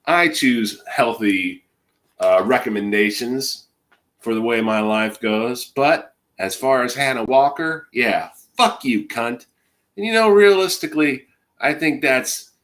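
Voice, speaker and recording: A man in his forties, fighting off a cold, streams an angry and rambling rant full of swearing. His voice has a bright, forceful edge. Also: mid-range voice. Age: 40s. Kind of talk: ranting monologue to camera.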